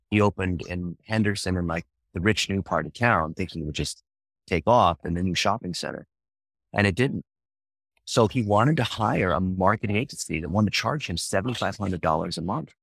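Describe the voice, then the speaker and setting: A man speaking as a podcast guest, telling marketing stories in an animated, emphatic way. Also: fairly low pitch, dry recording. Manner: animated, emphatic, jumps into acted quotes. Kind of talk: casual interview storytelling.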